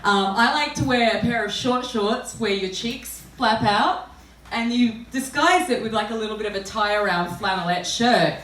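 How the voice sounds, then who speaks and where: Slightly high, fairly bright, and at normal speed, a woman stand-up delivers crude, self-deprecating stories in a small live venue, frequently laughing as she speaks. The roomy recording is distant from the mic, with audience noise as people laugh and react.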